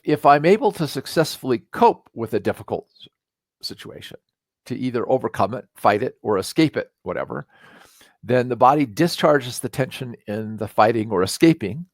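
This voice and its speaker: A man's voice: medium pitch, no room sound. Man lecturing in a dry, close sound. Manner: reads verse slowly, with deliberate emphasis; explains in a relaxed, conversational way with fillers. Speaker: teacher. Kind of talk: recorded lecture.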